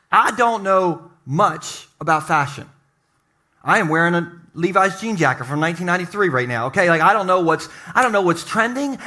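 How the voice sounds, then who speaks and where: A middle-aged pastor with a high, pushed, bright voice delivers a funny, conversational sermon in church. He jokes and speaks directly to his congregation.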